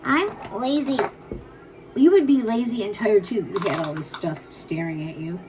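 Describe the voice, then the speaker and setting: A woman's voice: mid-range voice, moderate pace, noisy background. A woman casually chatting as she shows and prices jewelry for sale at home, rambling and full of "like". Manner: chatty, rambling, says "like" a lot. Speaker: jewelry seller. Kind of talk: casual live sales chat. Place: home room crowded with items.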